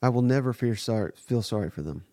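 Male podcast host, mid pitch, dry close-miked sound, blunt and exasperated, swears freely. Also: lively intonation, fast, mellow, no room sound. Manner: blunt, exasperated, profane commentary. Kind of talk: live sports reaction podcast.

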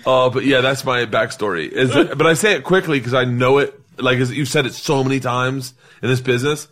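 A man's voice: medium pitch, a little fast, fairly bright tone. A man in his forties, a podcast host and comedian, telling stories in casual chat and acting out the voices of the people he quotes.

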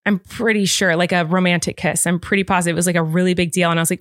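A woman's voice: lowish voice, flat delivery, very fast, few pauses, no echo, clean studio sound. A woman co-hosting a podcast in casual chat, gushing and playfully exaggerating. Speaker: podcast co-host.

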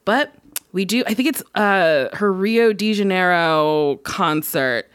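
A woman's voice: on the low side, slow pace, clear, resonant tone, no room sound. Blunt, joking woman, dry close sound. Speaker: comedian guest. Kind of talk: casual chat.

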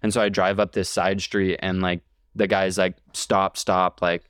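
Young man, low smooth voice, casual podcast. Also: flat delivery, measured pace, fairly bright tone, dry recording, clean studio sound. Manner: rambling, filler-heavy, swears. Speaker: podcast co-host. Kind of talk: casual chat.

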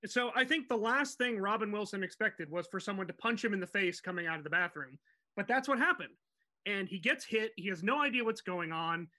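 A man hosting a podcast, telling a story in a casual, animated, chatty way and laughing easily. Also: high voice, fairly quick.

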